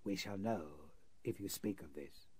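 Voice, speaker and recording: A man voicing a sinister older male kidnapper who speaks in a quiet, half-whispered, cold way with a nervous giggle, in a 1930s radio drama. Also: sits low, expressive, breathy edge. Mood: menacing. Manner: quiet, slow, coldly threatening.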